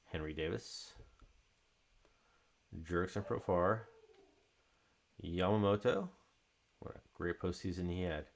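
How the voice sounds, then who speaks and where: A man's voice: deep voice, slow pace, pauses often. A man hosting a card break, chatting casually and calling out card names as he opens packs.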